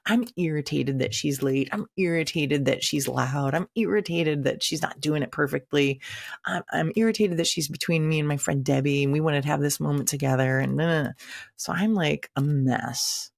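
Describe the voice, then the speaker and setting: A woman, a spiritual teacher, telling a personal story in a casual, animated, dramatic way. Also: low voice, moderate pace, vocal fry, dry recording, studio quality.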